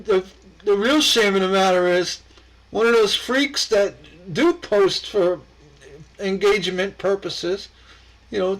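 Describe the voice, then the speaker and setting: A man's voice: high-pitched, rough recording. A man hosting a casual stained glass livestream, rambling and chuckling as he reacts to viewers' posts, often stammering and repeating words.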